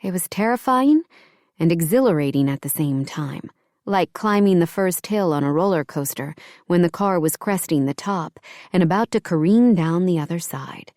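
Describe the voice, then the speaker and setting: A woman reading an audiobook romance in calm, even scripted narration. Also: lowish voice, normal speed, no room sound, clean studio sound.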